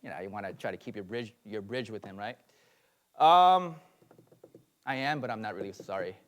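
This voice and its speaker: A man's voice: on the low side, moderate pace. A man, a pastor, giving an earnest teaching sermon with fillers and personal asides.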